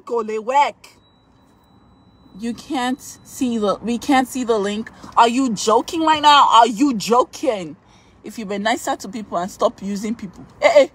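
A Nigerian woman talks on a live stream in a high voice, slow and drawn out. She pleads, repeats words over and over, and breaks into laughter. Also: husky. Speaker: live streamer asking fans for votes. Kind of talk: excited live-stream chat.

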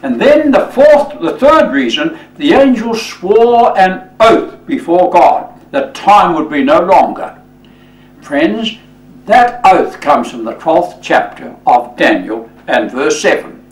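A male pastor preaching a sermon, slow and emphatic, often addressing listeners as friends. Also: on the high side, very animated, reverberant, distant mic, poor audio.

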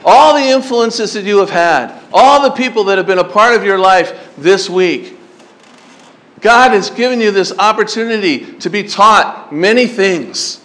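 Lively high-voiced pastor preaching. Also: male voice, a little slow. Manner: animated storytelling, acts out his younger self; asks the crowd questions. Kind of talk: sermon to teen campers.

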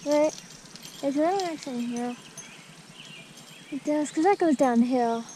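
A woman's voice: high-pitched, unhurried, noisy background. A woman riding behind her dog on a trail, calling out short commands and praise. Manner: calls out short commands like hike, wait and good girl. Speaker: dog owner on a sulky run. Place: outdoors on a trail.

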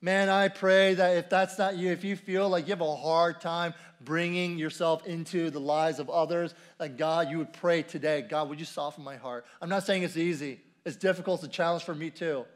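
A man's voice: fairly high pitch, steady tone, normal speed, few pauses. A man preaching a sermon at a church service in a conversational way, repeating key phrases and asking the congregation questions. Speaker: pastor.

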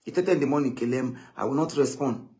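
A man telling stories in a casual live chat, animated and often quoting others. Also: medium pitch, brisk. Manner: animated, switching between English and Igbo, quoting others.

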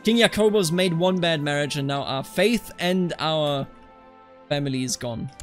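A man from Bavaria narrates his gameplay in a fairly high voice. He talks through each decision and swings into outraged, emphatic reactions at every setback. Soft game music plays faintly underneath. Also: moderate pace. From Bavaria, Germany. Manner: animated, reacts loudly to setbacks. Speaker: let's play commentator. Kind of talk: live gameplay commentary.

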